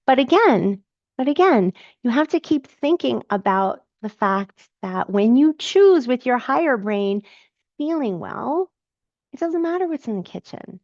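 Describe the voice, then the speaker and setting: A woman's voice: on the high side, expressive, a little slow, a little mellow, no echo, lo-fi sound. A woman coach answering viewers' comments in a live Q&A, encouraging and emphatic, repeating her key phrases.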